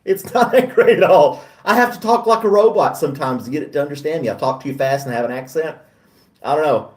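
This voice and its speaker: A man's voice: fairly high pitch, brisk, reverberant, recorded from a distance. A middle-aged man hosting a casual chat, talking in a chatty, self-deprecating way and laughing often. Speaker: host.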